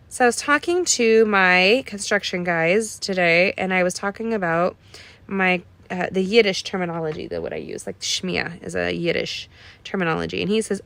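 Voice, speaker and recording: A woman's voice: on the low side, normal speed, vocal fry, a bit bright. A middle-aged woman hosting a live card-making tutorial, chatting folksily with viewers as she works. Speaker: card-making livestream host. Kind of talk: casual crafting tutorial.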